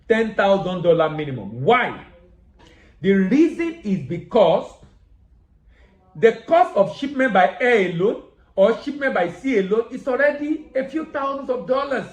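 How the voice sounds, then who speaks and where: Emphatic man teaching in an echoey room. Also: high voice. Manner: emphatic, repeats key phrases, numbered checklist. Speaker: export business educator, show host. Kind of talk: instructional talk to camera.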